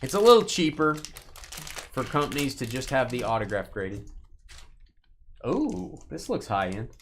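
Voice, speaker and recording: A man hosts a live sports card break stream, chatting casually and tossing out playful, rambling jokes as he opens packs. His mid-range voice has a sing-song quality and a measured pace, with a little hiss or hum in the audio.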